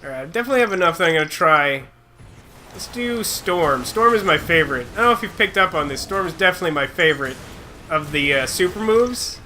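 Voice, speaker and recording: A man's voice: on the high side, sharp tone, a little hiss or hum. A chatty young man, a little sick, rambling through casual gameplay commentary and reacting to the game. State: slightly sick. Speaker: let's play host.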